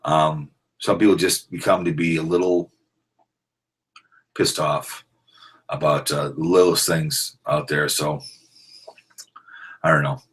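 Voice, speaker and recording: A man hosting a live-streamed sports podcast, rambling casually and breaking into loud, excited trash talk. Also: a bass voice, slow, long pauses, husky. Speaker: podcast host.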